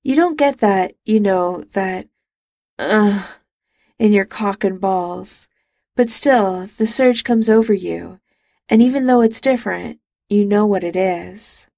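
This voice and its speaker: A woman's voice: medium pitch, slow, gravelly, mellow, no room sound, studio quality. A woman reading as a tender, happy grown man.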